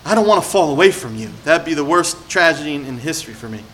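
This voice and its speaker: A male pastor preaching a sermon in a conversational way, swinging from hushed personal storytelling to emphatic, rising exhortation. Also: on the high side, expressive, fast, a little hiss or hum.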